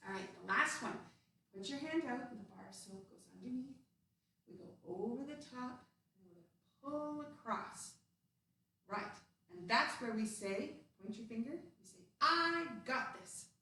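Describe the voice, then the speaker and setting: A woman's voice: fairly high pitch, animated, normal speed, pushed and bright, distant mic. A woman teaching a playful children's movement lesson, guiding actions step by step in a sing-song way. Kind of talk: guided kids' movement lesson. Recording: very echoey room, voice off-mic, faint hiss.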